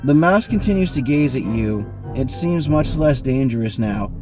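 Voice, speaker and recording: A man hosting an online game, reading a choose-your-own-adventure book aloud with animated bursts of speed and sudden pitch jumps. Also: normal speed, music in the background. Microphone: online voice call.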